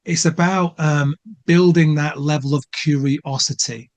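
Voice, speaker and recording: A man's voice: fairly high pitch, fairly even intonation, a little slow. A man co-hosting a podcast. He speaks with plain enthusiasm and often stumbles and repeats words as he gathers his thoughts. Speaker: podcast co-host. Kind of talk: casual chat.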